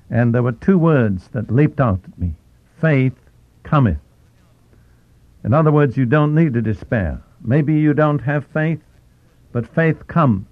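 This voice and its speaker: Man preaching a bible teaching, slows right down on the key bits, sounds like a phone line, dry. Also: medium pitch, expressive, no room sound. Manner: deliberate, slows down to stress key phrases. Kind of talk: sermon.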